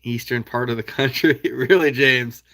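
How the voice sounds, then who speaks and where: A young man from the American Midwest talks casually to his live-stream viewers. He answers their questions by name and laughs often as he chats. His voice sits at an everyday middle pitch. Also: fairly even intonation, moderate pace, pushed and bright. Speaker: trapping channel host reading live chat.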